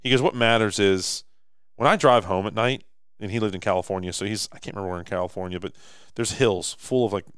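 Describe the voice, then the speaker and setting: A man in his thirties co-hosting a podcast, telling stories with lively acted-out quotes. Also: fairly low pitch, fast talker, clear, resonant tone, no echo, clean studio sound. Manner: animated storyteller, acts out quotes. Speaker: podcast co-host. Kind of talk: casual podcast chat.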